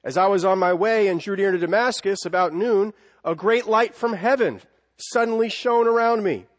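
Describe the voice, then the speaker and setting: Male preacher, high voice, dramatic delivery from loud to hushed, long hall echo. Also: normal speed. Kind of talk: sermon.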